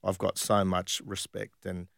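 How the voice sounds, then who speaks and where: A middle-aged man from Western Australia, telling animated stories as an interview guest, full of fillers. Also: deep voice, unhurried, gravelly, dry recording, clean studio sound. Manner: animated anecdotes with frequent laughs and fillers. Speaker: guest, former footballer. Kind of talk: casual storytelling interview.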